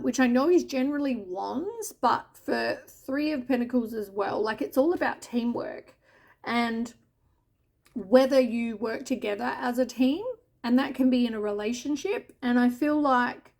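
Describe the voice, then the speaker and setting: A woman reads tarot cards in a casual, chatty way, speaking to the listener as "you". Her voice sits a little high, and she takes her time, with unhurried pauses between thoughts. She mixes mild swearing and offhand asides into the reading. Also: vocal fry. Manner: addresses the listener directly as you. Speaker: tarot reader.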